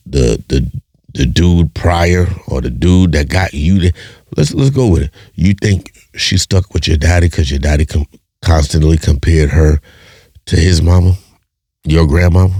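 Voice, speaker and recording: A man's voice: a bass voice, darkish tone, no echo, clean studio sound. A man hosting a podcast, talking bluntly and profanely, firing off rhetorical questions and repeating himself. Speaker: podcast host. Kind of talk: casual monologue.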